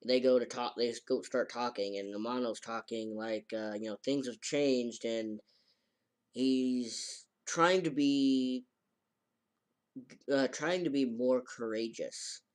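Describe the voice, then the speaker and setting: Rambling male reviewer, casual recap, halting delivery. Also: mid-range voice, clear, resonant tone. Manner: rambling, halting, with many fillers and restarts. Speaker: anime reviewer.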